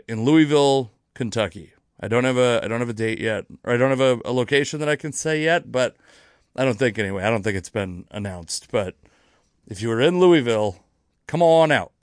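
A man's voice: medium pitch, clean tone, no room sound. Rambling comedian man, dry close sound. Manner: rambling, self-correcting, casually profane. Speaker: comedian podcast host. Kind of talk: casual solo podcast chat. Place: near Seattle.

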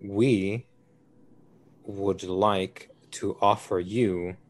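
A man's voice: deep voice, darkish tone. A man playing a tabletop game in character, speaking in a formal, diplomatic way. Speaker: player. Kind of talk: in-character role-play.

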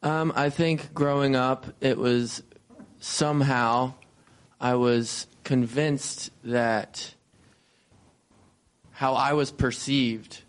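Man in his twenties, mid pitch, halting and hesitant interview guest. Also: steady tone, clean tone. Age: 20s. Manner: hesitant, halting, with fillers and restarts. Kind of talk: hesitant conversational answers.

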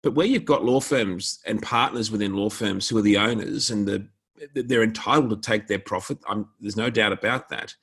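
Australian guy on a podcast, bit low, bright crisp voice, slow and deliberate. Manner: measured, deliberate explaining. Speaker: law firm director, guest. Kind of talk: podcast interview conversation.

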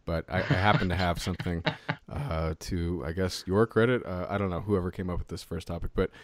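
Give me a man in his thirties with a low voice, chatting opinionatedly on a podcast. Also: a little fast, no room sound. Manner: animated, opinionated. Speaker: podcast co-host. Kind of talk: casual opinionated chat.

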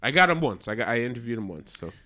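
A man's voice: mid-range voice, big pitch swings, quick pace, pushed and bright, no echo. Rambling man on a dry mic. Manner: rambling, stammering restarts, enthusiastic. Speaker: podcast guest. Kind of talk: casual film podcast chat.

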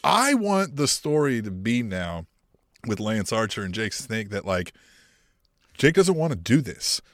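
Man, podcast co-host, casual chat, animated, swearing, acts out lines, dry sound. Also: lowish voice, unhurried, no echo. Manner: animated, acts out lines in voices, laughs often, swears freely.

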